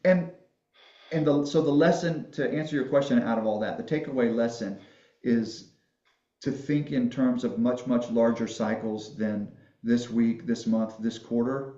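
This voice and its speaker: A man's voice: medium pitch, a little slow, warm tone, reverberant, dull audio. A man guest on a podcast, telling folksy, rambling stories in casual conversation and laughing at his own jokes. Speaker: podcast guest, family history filmmaker.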